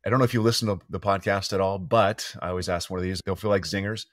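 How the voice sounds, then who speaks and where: A man hosting a podcast, asking quick, friendly questions in a casual interview. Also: low-pitched, steady tone, no echo, studio quality. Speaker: podcast host.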